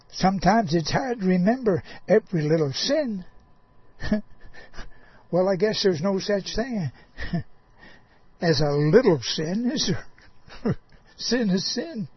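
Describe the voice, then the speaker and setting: A man's voice: high-pitched, animated, takes it slowly, long pauses, breathy edge, no echo, lo-fi sound. A man preaching a folksy sermon, talking directly to an apostle, drawling and chuckling with frequent "oh" interjections.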